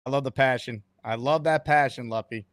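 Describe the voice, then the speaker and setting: A man hosting a casual sports talk show, talking in a quick, upbeat, conversational way. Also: mid-range voice, no room sound. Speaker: sports radio host.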